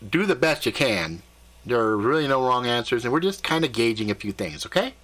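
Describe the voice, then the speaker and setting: A man voicing a casual, reassuring male alien elf guide who explains things quickly and easily. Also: mid-range voice, big pitch swings, a bit bright. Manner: casual, easygoing, fast explaining.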